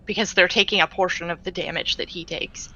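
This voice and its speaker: A woman acting as raid leader who calmly explains game tactics over voice chat, using many fillers. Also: lowish voice, brisk, dull audio. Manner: patient, instructive, with many fillers.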